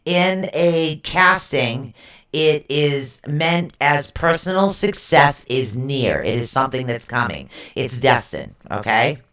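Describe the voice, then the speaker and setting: A man's voice: mid-range voice, expressive, slow, bright, forceful tone. Man explaining runes in an echoey room. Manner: explanatory, repeats and checks understanding. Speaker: co-host teaching runes. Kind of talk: casual live-stream teaching. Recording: roomy echo.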